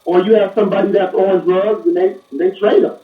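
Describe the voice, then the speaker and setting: A man with a high voice talks steadily and a bit quickly as a police officer guest in a relaxed, plain-spoken interview. He's calling in remotely from elsewhere, and the audio sounds roomy, distant, and dull.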